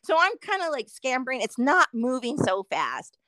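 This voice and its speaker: A middle-aged woman co-hosting a casual podcast, telling a story with constant swearing and lively animation. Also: sits high, moderate pace, no room sound. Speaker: podcast co-host.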